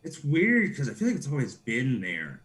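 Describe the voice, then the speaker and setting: A man's voice: medium pitch, wildly swooping pitch, moderate pace, fairly bright tone. A young man, a guest actor, chatting casually and playfully on a live stream, giggling and dropping into silly accents.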